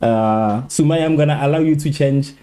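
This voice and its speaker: A man's voice: a little high, moderate pace. A man hosting a live football watchalong stream, chatting casually and animatedly with his viewers, repeating himself and joking. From South Africa. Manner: animated, repetitive, joking with chat. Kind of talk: casual match watchalong commentary.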